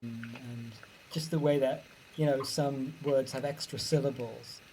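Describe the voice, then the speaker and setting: A man's voice: medium pitch, fairly even intonation, a little slow, warm tone, slight background noise, poor audio. A middle-aged British man answering interview questions as an author, musing and enthusiastic about how language sounds, on a video call. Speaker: author guest.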